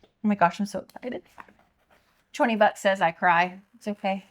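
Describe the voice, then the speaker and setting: A woman, the host's wife, chatting casually and gushing excitedly, close to tears. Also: medium pitch, moderate pace. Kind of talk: casual chat.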